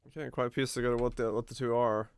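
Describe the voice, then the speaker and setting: A man's voice: mid-range voice, little pitch movement, quick pace, clear, resonant tone, no room sound. Musing male streamer, dry close sound. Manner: musing, rambling, answers chat. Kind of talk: casual stream chat while gaming.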